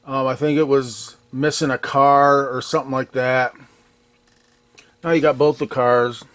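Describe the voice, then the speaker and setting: A man in a workshop talks through a repair at a middle pitch. He thinks out loud in a plain, self-mocking way. The sound is close and dry, with no room echo. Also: flat delivery, a little slow. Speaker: arcade repair technician. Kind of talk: casual repair walkthrough.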